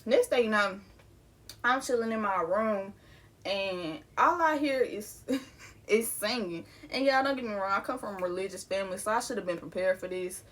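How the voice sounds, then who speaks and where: A young woman talks straight to her viewers in a relaxed storytime vlog. Her voice sits at a middle pitch, and her delivery is loose and candid, with laughs breaking through even as she speaks about serious things. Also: moderate pace. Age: young adult. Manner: casual and candid, laughing through grief, addressing viewers as y'all. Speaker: vlogger.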